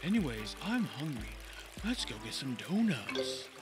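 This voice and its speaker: A man voicing a lazy, unbothered male senior sheriff in a video game, speaking flat, calm and low-key. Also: measured pace, over music. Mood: deadpan.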